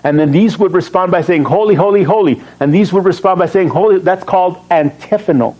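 A man's voice: sits high, fairly quick, lo-fi sound. A man preaching a sermon as pastor, reading scripture aloud and asking his congregation questions, chuckling between points. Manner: animated, asks the congregation questions and answers himself.

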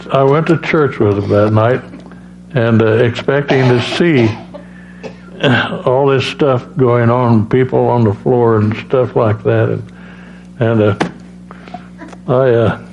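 A man giving a personal testimony as a preacher, halting, with many restarts and fillers. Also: medium pitch, vocal fry, a little mellow. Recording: dull lo-fi sound with faint hum.

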